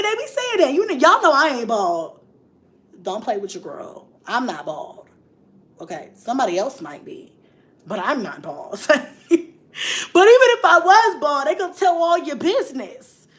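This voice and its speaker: Middle-aged woman, mom vlogger, casual live-stream chat, chatty and animated, high voice, swooping pitch. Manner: chatty and animated, breaking off to call to her kids.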